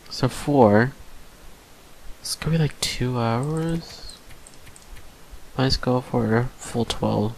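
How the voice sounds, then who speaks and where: A man's voice: mid-range voice, creaky, a little hiss or hum. A tired young man talking to himself casually as he plays a survival game, with sighs and nervous little laughs. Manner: mumbled self-talk with sighs and nervous laughs. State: tired, drained late at night. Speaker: gaming channel host. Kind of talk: casual let's-play commentary.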